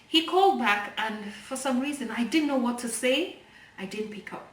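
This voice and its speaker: A woman's voice: fairly high pitch, animated, normal speed. Chatty young woman telling her story. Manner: chatty, digressive, many fillers and restarts. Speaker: vlogger. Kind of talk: personal storytelling vlog. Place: indoor room, filmed by a helper. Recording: roomy and distant from the mic, faint background noise.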